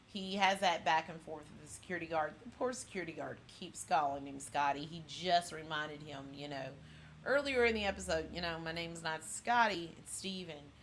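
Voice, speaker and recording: A woman's voice: fairly low pitch, a bit bright, a little hiss or hum. A woman hosting a pop culture channel, casually recapping an episode in a rambling way full of fillers and restarts.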